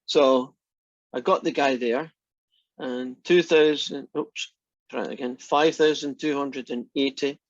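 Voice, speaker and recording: Steady in tone and a little slow, a mid-range male voice leads a math class with no room sound. The instructor chats and teases, often quizzing his students, and the lecture recording is dull and lo-fi.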